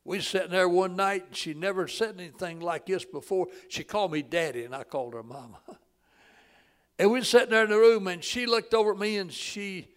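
A man, preaching a sermon in a folksy storytelling way that swells loud and drops to a hush. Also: sits high, moderate pace, smooth. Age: 80s.

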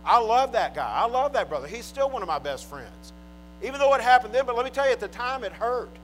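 A man preaching a sermon, emphatic and joking, swinging between hushed confessions and loud declarations. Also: extremely high pitch, sing-song, fast, a little hiss or hum, rough recording.

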